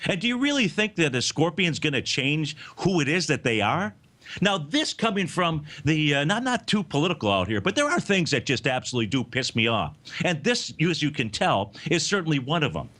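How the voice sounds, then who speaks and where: A man's voice: on the high side, big pitch swings, a little fast, bright, forceful tone. A man hosting a live financial talk show, speaking to listeners in a folksy, emphatic way.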